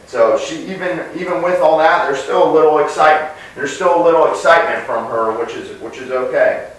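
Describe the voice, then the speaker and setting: A man working as a dog trainer, explaining in a relaxed, plain way with frequent pauses and restarts. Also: on the high side. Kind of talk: casual instructional talk to camera. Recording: echoey room, voice picked up from a distance.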